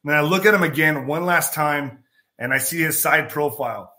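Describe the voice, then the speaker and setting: Bright-voiced man telling a story. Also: fairly high pitch, moderate pace. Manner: animated, acts out quotes, swears. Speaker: podcast host. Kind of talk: casual storytelling.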